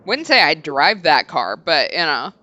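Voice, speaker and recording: A woman hosts a let's play, chatting in a casual, blunt way and reading the game's story lines in an even narrating tone. Her voice is low-pitched and unhurried, with no echo in the recording.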